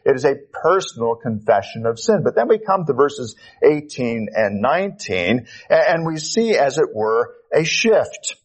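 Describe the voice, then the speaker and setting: A man, reading scripture and preaching a sermon in a measured, earnest way with emphatic stresses. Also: mid-range voice, big pitch swings, breathy edge, rough recording. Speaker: pastor.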